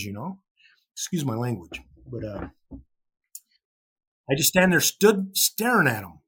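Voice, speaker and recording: A man from Chicago, a rock musician guest, telling an animated story full of casual swearing and restarts. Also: mid-range voice, normal speed, long pauses, husky. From Chicago, USA. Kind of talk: anecdotal storytelling.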